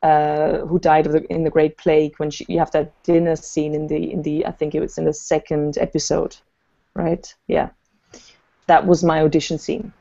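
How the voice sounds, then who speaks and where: A woman's voice: sits low, little pitch movement, moderate pace, vocal fry, warm tone, lo-fi sound. A woman actress telling a long story in a casual interview, rambling and full of fillers. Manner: chatty, rambling, many fillers. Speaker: actress and guest. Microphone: video call.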